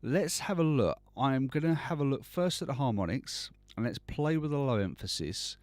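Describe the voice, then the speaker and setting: A man's voice: medium pitch, lively intonation, normal speed, darkish tone, no room sound. A man hosting a live, unscripted tutorial, thinking aloud as he works, with frequent restarts and fillers. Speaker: host demonstrating mastering software.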